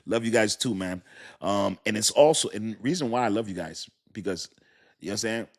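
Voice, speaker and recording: A man's voice: on the low side, a little fast. Chatty man hosting a crypto stream. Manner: rambling, laughs often, talks to his chat. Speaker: crypto livestream host. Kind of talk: casual livestream chat.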